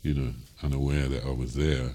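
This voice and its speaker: A man's voice: very deep voice, level tone, a little fast, mellow. An older man with a Cockney accent, a jazz singer telling stories from his life in a rambling way, full of ums and you-knows, chuckling as he goes. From London, England. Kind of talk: interview storytelling.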